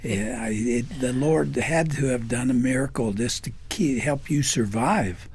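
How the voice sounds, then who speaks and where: An older man hosting a radio interview, asking questions slowly and deliberately in a studio. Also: medium pitch, a little mellow, husky. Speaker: host.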